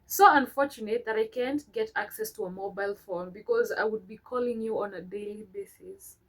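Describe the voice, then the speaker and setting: A woman's voice: mid-range voice, a little fast, rough recording. A young woman, a vlogger reading her old letters aloud and breaking off to chat about them sentimentally. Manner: sentimental, chatty asides between read lines.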